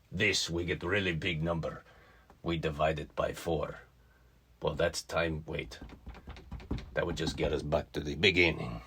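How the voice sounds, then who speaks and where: Male teacher, low and husky, animated delivery, casual kids' math video. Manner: playful, talks to himself while solving. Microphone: mic not attached to his body.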